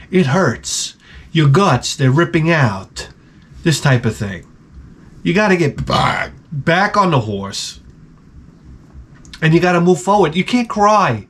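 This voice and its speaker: Blunt, crude high-voiced man. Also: big pitch swings, slow pace, pauses often, a bit bright. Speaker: advice vlogger. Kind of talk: comedic advice monologue.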